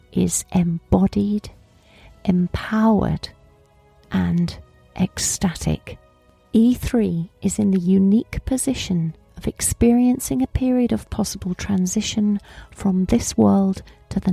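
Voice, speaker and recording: A woman hosting an interview podcast, introducing her guest in a soft, slow way. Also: mid-range voice, vocal fry, husky, no room sound, soft background music. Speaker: podcast host.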